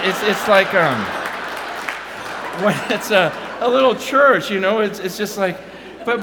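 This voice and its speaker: A pastor telling animated stories, swinging from quiet asides to loud bursts and repeating his words as he goes. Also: on the high side, roomy sound, a little hiss or hum. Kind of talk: animated storytelling talk.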